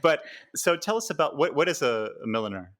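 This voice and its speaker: An American man hosting a podcast interview, friendly, with frequent chuckles and halting fillers. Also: fairly high pitch, very animated, a bit bright. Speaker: podcast host.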